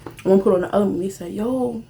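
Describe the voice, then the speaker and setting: A young woman, casually telling a rambling storytime while eating, animated and full of slang, jumping to high squeals when excited. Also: very fast. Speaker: vlogger.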